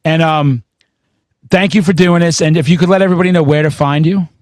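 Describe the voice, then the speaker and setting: A man hosting a metal podcast, telling stories in a profane, excitable way and breaking into shouts. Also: a little high, fairly quick, no echo. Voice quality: profane, excitable storyteller, swears constantly. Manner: bursts into shouting mid-story. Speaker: podcast host. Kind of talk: casual interview chat.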